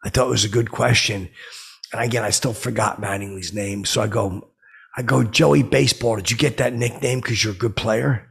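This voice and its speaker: A clueless, brash male comic who rambles through his stories and gets loud whenever he quotes himself. The voice is low and gravelly with a husky edge. A man plays him in a comedy podcast. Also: fairly even intonation, brisk, exaggerated voice. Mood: rambling. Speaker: comedy podcast host in character. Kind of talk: rambling comic storytelling monologue.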